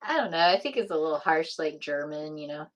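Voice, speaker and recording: A woman's voice: sits low, animated, a little fast. A woman from the US West Coast co-hosting a casual live chat from home, chatty and laughing often. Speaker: co-host.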